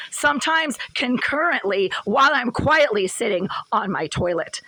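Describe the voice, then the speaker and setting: A woman with a husky, smoker-like voice filming herself in her apartment kitchen, delivering an agitated, accusatory rant. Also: on the high side, fairly bright tone, dry recording, rough recording. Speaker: vlogger. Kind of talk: angry complaint vlog.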